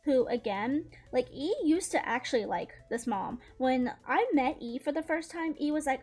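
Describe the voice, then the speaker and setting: Brief: young Southern woman, high voice, chatty storytime streamer, laughs a lot, faint music under her. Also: normal speed, hardly any pauses, darkish tone. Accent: Southern American. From Southern United States. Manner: chatty, laughs often, lots of "like" and "dude". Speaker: streamer telling a story while drawing. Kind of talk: casual storytime chat.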